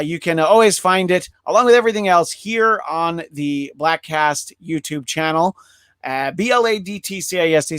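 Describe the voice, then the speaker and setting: A man hosts a podcast in a loose, rambling way, cracking jokes and restarting his sentences. His voice sits a bit high, and the sound is dry and close with no room to it. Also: a bit bright, clear, resonant tone, no room sound. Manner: rambling, jokey, many restarts and fillers. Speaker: podcast host. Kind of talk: casual chat, wrapping up a live show.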